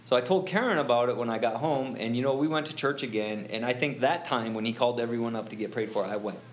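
A man's voice: medium pitch, fast, slight background noise. A middle-aged man telling a personal story as an interview guest, rambling and full of "you know" fillers.

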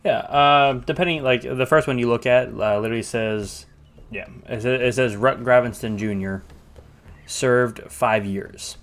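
A man's voice: mid-range voice, a little slow, a bit bright. A man runs a tabletop game, describing scenes and calling rolls. His mid-range voice is casual and loose, sprinkled with fillers. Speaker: game master. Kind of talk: narrating and ruling a tabletop game.

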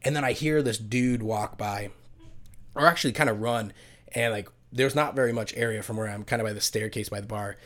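A man's voice: lowish voice, brisk, a bit bright. A man telling a long story in casual chat, rambling with lots of filler words, swearing and acting out what people said. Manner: swears, acts out quoted voices; rambling, full of "like". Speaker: podcast co-host telling a story.

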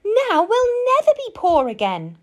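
Woman reader doing storybook mum, high-pitched, excitable, shrill cries. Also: measured pace, full character voice. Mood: overjoyed. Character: poor mother, excitable and shrill.

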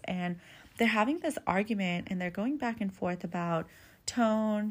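A woman's voice: medium pitch, moderate pace. Candid, casually swearing woman podcaster. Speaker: podcast host. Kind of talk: casual advice monologue.

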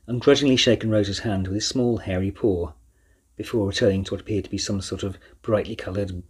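A male narrator reads a storybook in a deep, low voice. His tone is strongly husky and breathy. The delivery stays even and measured. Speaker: audiobook narrator.

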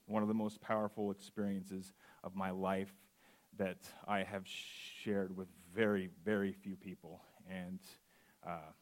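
A man in his forties, a guest preacher, reading scripture earnestly and then sharing a personal testimony. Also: low-pitched. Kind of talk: sermon.

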